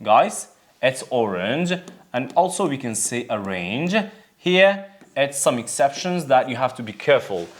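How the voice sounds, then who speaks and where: A man's voice: medium pitch, very animated, a little slow. A man teaching an English lesson, explaining step by step, repeating key words and putting questions to the class. His first language is Kurdish. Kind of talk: classroom grammar and pronunciation lesson.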